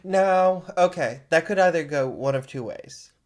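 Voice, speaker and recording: A podcast host who reads a slow, dramatic horror intro and then banters in a jokey, animated way. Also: mid-range voice. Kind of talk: scripted horror narration, then casual chat.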